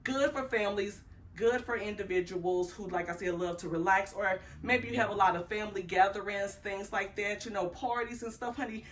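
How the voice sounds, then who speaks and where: A woman reviewing a couch in her small apartment living room, chatty and animated, calling viewers girl, honey and y'all. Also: medium pitch, moderate pace, far from the mic, a little hiss or hum. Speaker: home vlogger reviewing a couch. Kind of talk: casual chatty product review.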